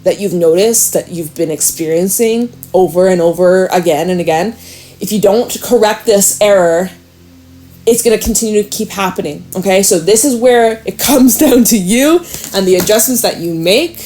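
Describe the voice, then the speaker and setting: A woman giving a casual, frank tarot reading to her viewers, chatty and quick to swear and laugh. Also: medium pitch, mellow, soft background music. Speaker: tarot reader.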